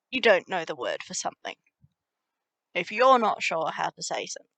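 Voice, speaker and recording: A woman teaching a spoken language lesson casually, repeating example phrases slowly and clearly for learners to practise. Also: medium pitch, a bit bright, dry recording.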